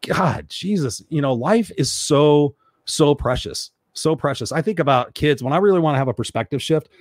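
A man's voice: fairly high pitch, expressive, normal speed, no room sound, clean studio sound. A man hosting a motivational live stream, reading viewer comments and talking bluntly and profanely, repeating phrases for emphasis.

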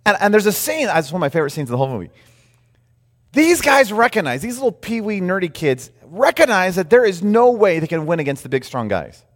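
Animated male preacher in a reverberant hall. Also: sits high, fairly quick. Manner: animated storytelling, acts out quotes. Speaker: pastor. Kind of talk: sermon.

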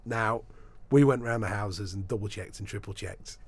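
A man being interviewed as a sports broadcaster, telling animated anecdotes in a casual chat, often restarting his sentences. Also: fairly low pitch, normal speed, slight background noise.

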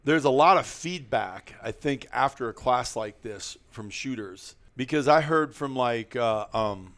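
A man's voice: medium pitch, expressive, a little slow, a bit bright. A man hosting a podcast in casual chat, rambling and chuckling, often restarting his sentences. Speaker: podcast host.

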